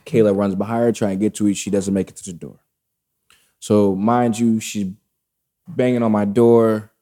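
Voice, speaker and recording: A man telling a story in casual chat, animated and profane, with loose street slang. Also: lowish voice, moderate pace.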